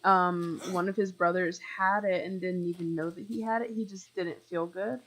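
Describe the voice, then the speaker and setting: A woman's voice: on the low side, fairly even intonation, normal speed, fairly bright tone, poor audio. A young woman live streaming a game, rambling chattily with lots of fillers and talking straight to her viewers. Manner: talks to chat viewers directly. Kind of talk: casual chat while playing.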